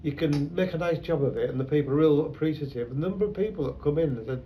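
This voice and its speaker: Rambling older man, bit high. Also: fast, dull audio, a little hiss or hum. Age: 70s. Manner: rambling anecdotal storyteller. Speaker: photographer. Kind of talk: conversational interview.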